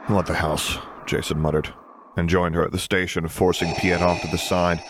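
A man reading a story aloud in measured, dry narration. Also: deep voice, level tone, noisy background. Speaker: audiobook reader. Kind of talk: scripted narration of fan fiction.

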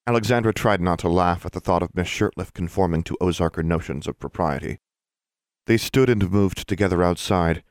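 Deep-voiced man narrating an audiobook. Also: a little fast, dry recording, studio quality.

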